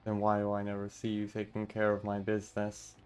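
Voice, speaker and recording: A man reading every part of a game story aloud in a steady, mostly plain voice, breaking off now and then for casual asides. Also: lowish voice, fairly quick, smooth.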